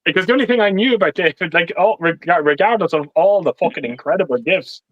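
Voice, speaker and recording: High-voiced, sweary man hosting. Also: expressive, fast talker, no echo, muffled recording. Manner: swears constantly, laughs a lot, stammers on restarts. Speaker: livestream host. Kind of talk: casual chat.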